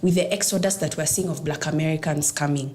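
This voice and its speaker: Animated woman telling a personal story. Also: deep voice, fast talker. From Africa. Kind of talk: casual panel discussion.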